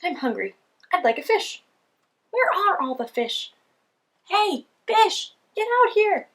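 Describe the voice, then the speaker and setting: A woman's voice: very high voice, sing-song, slow pace, fairly bright tone, voice pushed up, heavily acted. A woman voicing a grumpy little penguin who complains about everything while reading a children's book aloud. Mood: grumbling. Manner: whiny, fed-up grumbling.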